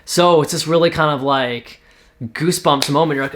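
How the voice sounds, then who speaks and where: A man from Canada casually pitching a TV series, talking in a rambling way with lots of fillers. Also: moderate pace, a bit bright, a little hiss or hum. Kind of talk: casual spoken story pitch.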